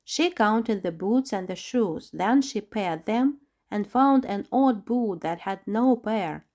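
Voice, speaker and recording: A woman's voice: mid-range voice, expressive, slow, darkish tone. A woman narrating a children's storybook and reading every character's lines herself. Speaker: storybook reader.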